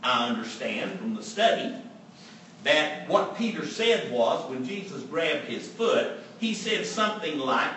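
Earnest preacher in an echoey hall. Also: male voice, a little high, very animated, unhurried, pushed and bright. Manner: earnest, emphatic, repeats key phrases. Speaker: pastor. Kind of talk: sermon. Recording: echoey room, from far off, faint background hum.

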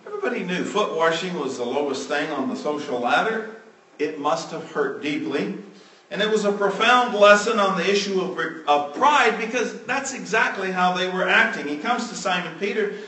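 A male preacher delivering a sermon, swinging between loud emphatic lines and hushed, trailing phrase endings. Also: on the high side, distant mic. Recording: roomy, from off the mic.

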